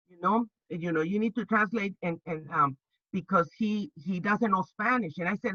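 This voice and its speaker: An older woman, a labor organizer, telling her stories in an interview with lively energy, stumbling and restarting often and acting out the voices she quotes. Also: lowish voice, dry recording, dull audio. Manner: animated, halting with many restarts, acts out quoted voices. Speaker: labor organizer and activist guest. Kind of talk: storytelling interview.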